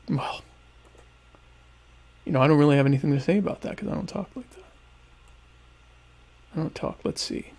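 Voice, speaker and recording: A podcast host with a slightly high, creaky, somewhat mellow voice streams solo from home through a webcam, eating dinner. He rambles along sarcastically, putting on a mock-grandiose air.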